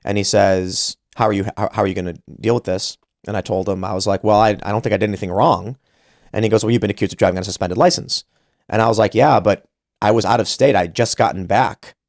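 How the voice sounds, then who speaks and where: A man's voice: lowish voice, fairly even intonation, fast, no echo, clean studio sound. A man in his thirties hosting a podcast, telling a story casually and animatedly, acting out the voices he quotes. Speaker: podcast host.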